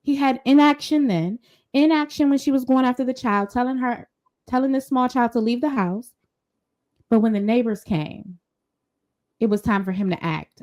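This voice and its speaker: A woman's voice: on the high side, moderate pace. A woman co-hosting a casual pop-culture podcast, telling stories emphatically and acting out the quotes. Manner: animated, emphatic storyteller, acts out quotes. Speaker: podcast co-host.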